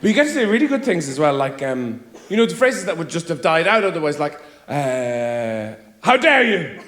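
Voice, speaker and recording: An Irish man performs stand-up live in a roomy venue, with a little hiss or hum on the recording. He talks fast in a fairly high, sing-song voice, rambling and muttering asides before bursting into loud, mocking quotes.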